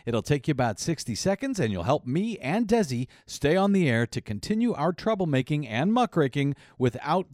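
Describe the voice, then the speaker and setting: A man's voice: a little high, a little mellow, no room sound, studio quality. A man hosting a political talk radio show, emphatic and indignant, often repeating his phrases.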